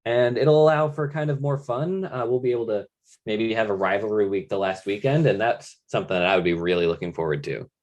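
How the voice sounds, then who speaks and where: Low-voiced young man, hesitant chat. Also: brisk, a little mellow, highs cut off. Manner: hesitant, searches for words. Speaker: podcast co-host. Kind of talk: casual fantasy league chat.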